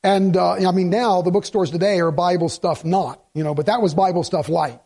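High-voiced man preaching conversationally. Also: steady tone, moderate pace, a little mellow, slightly rough. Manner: conversational preaching with rhetorical questions and jokes. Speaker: pastor. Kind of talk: sermon.

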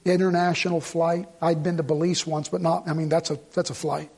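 Pastor, male, middle-aged, higher pitch with a husky edge, storytelling sermon that climbs to fervent peaks. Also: little pitch movement, a little fast, a little mellow. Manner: storytelling, rising to fervent emphasis.

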